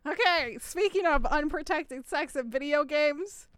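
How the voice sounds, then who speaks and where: Loud, bright-voiced young woman podcaster. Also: sits high, unhurried, no echo, clean studio sound. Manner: loud, laughing, swears often. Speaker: podcast co-host. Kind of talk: casual live-stream chat.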